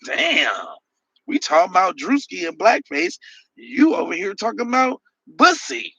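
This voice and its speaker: A man's voice: high-pitched, sing-song, measured pace, gravelly, sharp tone, breathy edge, no room sound, dull audio. A man hosting a podcast livestream, answering chat messages with sarcastic, mocking rants. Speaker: podcast host reading live chat. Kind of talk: heated livestream commentary.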